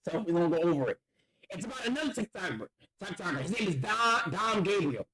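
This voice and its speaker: A young man co-hosting a casual podcast, excitable and profane, repeating words when he gets worked up. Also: high voice, quick pace, slightly rough. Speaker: podcast co-host.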